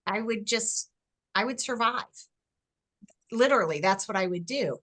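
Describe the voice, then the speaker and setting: Animated woman guest expert. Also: fairly high pitch, a little slow. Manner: animated, acts out example phrases. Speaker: guest expert on workplace culture. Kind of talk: conversational podcast interview.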